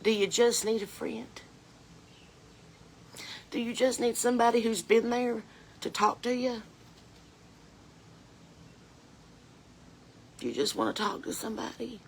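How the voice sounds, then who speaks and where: A woman's voice: a little high, moderate pace, gravelly, long pauses, a little hiss or hum. A woman playing a blunt, chain-smoking porch mom, talking in a folksy, earnest, rambling way. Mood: tearful. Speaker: comedian in character. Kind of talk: comedic character monologue.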